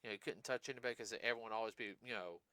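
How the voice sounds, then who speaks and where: A man's voice: fairly low pitch, racing, bright, forceful tone, smooth, no echo. A man hosting a casual podcast, rambling through his points with plenty of fillers and restarts. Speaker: podcast host.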